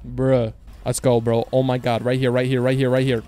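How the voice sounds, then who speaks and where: A man giving casual slot gameplay commentary, joking in slang, swearing a lot and breaking into high yells on big wins. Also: completely flat delivery, normal speed, faint music behind. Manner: slangy and joking, talks to viewers as bro and partner. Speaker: slot streamer.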